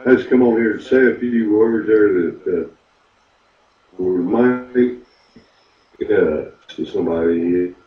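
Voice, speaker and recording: A man calls in to a live chat, his voice low and slow to find its words. He hesitates, stacks fillers and keeps checking in with "you know". The line is muffled and sounds like it bounces around a room. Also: reverberant. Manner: halting, fillers, says "you know" often. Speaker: caller. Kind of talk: casual call-in chat.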